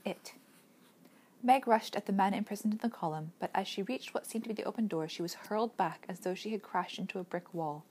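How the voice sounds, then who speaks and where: A woman narrating a novel chapter in an expressive storytelling manner. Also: mid-range voice, fairly quick, breathy edge. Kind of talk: audiobook narration.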